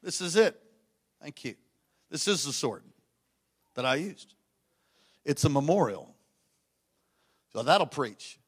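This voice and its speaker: A man, a pastor, preaching a sermon in church to a congregation, moving between rousing, shouted exhortations and hushed storytelling, and calling on the crowd to respond. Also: a little high, big pitch swings, slow, long pauses, husky. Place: church service before a congregation.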